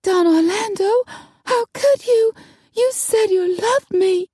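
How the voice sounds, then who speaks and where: A woman voicing a jilted young woman who shrieks high and loud. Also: takes it slowly, no echo, studio quality. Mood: betrayed.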